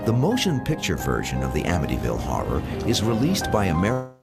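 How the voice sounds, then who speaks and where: A man reading scripted documentary narration in a measured, dramatic delivery. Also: low-pitched, huge pitch swings, loud music behind the voice.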